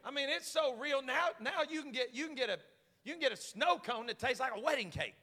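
A pastor preaches in a large church sanctuary, his high, bright voice trailed by long hall reverb on every line. Animated and brisk, he tells his story with jokes and swings between hushed asides and shouted climaxes.

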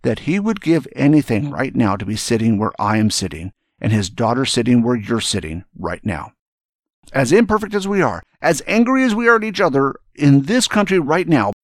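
A man's voice: medium pitch, no room sound, clean studio sound. An older man, a retired general, telling a story and giving earnest, emphatic advice in a speech to young students.

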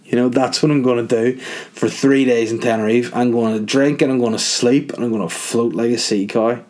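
A man's voice: medium pitch, steady tone, brisk, a little mellow. A middle-aged man, hosting a podcast in a crude, rambling, self-mocking comic monologue. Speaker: podcast host. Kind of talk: casual comedic monologue.

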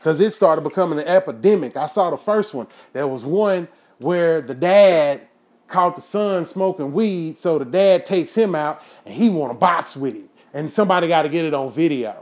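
A man hosting his own show, ranting in a profane, preachy monologue that flares into shouting. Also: fairly high pitch, lively intonation, moderate pace. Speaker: podcast host.

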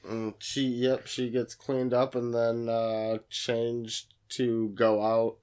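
A man co-hosting a podcast, chatting casually about a film with dry, deadpan quips. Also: mid-range voice, slow, clear, resonant tone. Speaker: podcast co-host. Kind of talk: casual chat.

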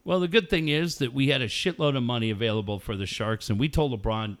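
A middle-aged man telling a story in casual chat, animated and profane, often laughing. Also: medium pitch, fast.

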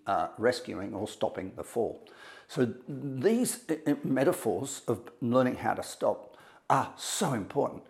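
A man giving a motivational talk, telling a story with dramatic pauses and acting out quotes. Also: mid-range voice. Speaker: motivational speaker.

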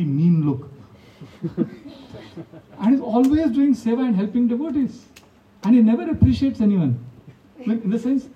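A man's voice: high-pitched, recorded from a distance, lo-fi sound. A man, a monk giving a devotional talk full of anecdotes, often laughing and acting out quotes. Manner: storytelling, animated, laughs often, acts out quotes.

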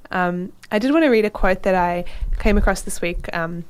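A woman with a somewhat low voice co-hosting a thoughtful conversation. She speaks carefully and steadily, and reads a long passage aloud at a slow, deliberate pace. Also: smooth. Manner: measured, careful, reads a long quote slowly. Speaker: podcast co-host. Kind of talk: casual academic discussion and reading aloud.

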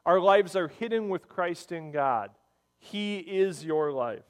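A man preaching a sermon, telling stories in an earnest, animated way. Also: sits high, slow pace, in a large hall. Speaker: pastor.

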